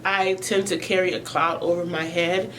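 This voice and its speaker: A woman's voice: lowish voice, flat delivery, moderate pace, noisy background. A woman vlogger talking earnestly and emotionally to her viewers about mental health, often repeating herself as she searches for words.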